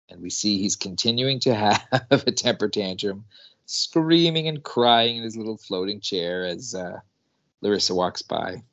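A man's voice: on the low side, a little slow, fairly bright tone, lo-fi sound. A man co-hosting a casual recap chat, telling the story animatedly and laughing often. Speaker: podcast co-host, teacher.

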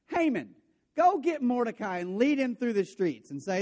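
A man's voice: extremely high pitch, sing-song, normal speed, mellow. A man preaching a sermon, retelling a story with playful voices for the characters and jokey asides. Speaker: pastor.

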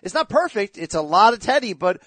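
A man with a high-ish voice hosts casual podcast chat with enthusiastic, joking energy. His sound is dry and close, with no room in it. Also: very animated, a little fast, a bit bright, dry recording. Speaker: boxing podcast host.

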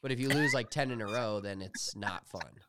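A young man co-hosting a podcast, telling animated, profane stories in casual chat. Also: on the low side, moderate pace, very noisy. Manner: animated storytelling, swears freely. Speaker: podcast co-host.

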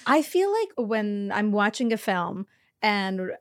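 Woman, podcast co-host, middle pitch, chatty with "like" fillers, dry close sound. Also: big pitch swings, takes it slowly, no room sound. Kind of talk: casual podcast chat.

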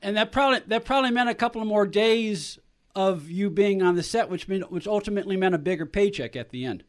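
A man's voice: sits high, fast. A man hosting a radio interview, asking long, conversational questions. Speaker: host.

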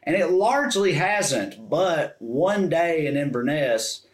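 Man, podcast co-host, from the US South, animated profane storytelling, echoey room. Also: fairly high pitch, slow. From Southern United States. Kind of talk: casual chat.

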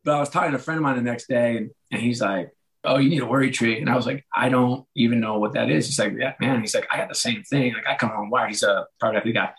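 A middle-aged man whose voice is a little hoarse, telling stories in a relaxed conversational way and acting out the lines of the people he quotes. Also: medium pitch, fast talker, hardly any pauses, poor audio. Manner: animated, acts out quoted dialogue. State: slightly hoarse. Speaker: guest, author and former sports executive. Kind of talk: casual conversational storytelling.

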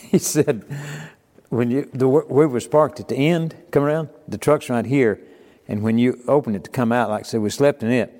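Folksy older man, mellow echoey voice. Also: medium pitch, normal speed. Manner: folksy storyteller, acts out quoted dialogue. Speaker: podcast guest. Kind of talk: casual storytelling.

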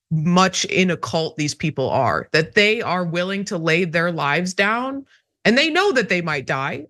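A woman's voice: fairly low pitch, fairly bright tone. A woman giving emphatic, sarcastic political commentary. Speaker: guest commentator.

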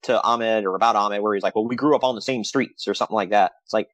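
A man's voice: fairly low pitch, no room sound. A man co-hosting a podcast, chatting casually about old wrestling shows with sarcastic asides. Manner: animated, sarcastic asides, quick laughs. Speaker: podcast co-host.

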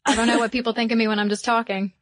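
A woman co-hosting a podcast in a casual chat, relaxed and self-deprecating with quick jokes. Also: on the high side, no echo, clean studio sound. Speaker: podcast co-host.

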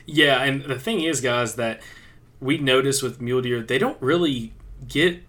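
A man co-hosting a podcast, retelling a hunt in a casual, animated way with lots of fillers. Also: medium pitch, a little slow. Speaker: podcast co-host. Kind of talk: casual hunting storytelling.

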